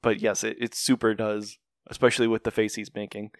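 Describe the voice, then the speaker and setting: A man's voice: fairly low pitch, little pitch movement, a little fast, no echo, studio quality. A man casually recapping an anime episode with a co-host, rambling and joking as he goes. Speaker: podcast co-host.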